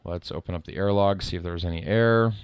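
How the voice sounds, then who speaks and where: A middle-aged man streaming live code work, reading lines aloud and thinking out loud in a casual way. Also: low voice, fairly even intonation, racing, clear, resonant tone, no echo, clean studio sound. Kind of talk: casual live-coding commentary.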